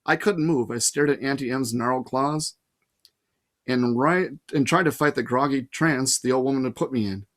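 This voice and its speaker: A man reading a novel aloud in a casual way, pausing to add his own comments. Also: mid-range voice. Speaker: reader. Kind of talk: audiobook reading with asides.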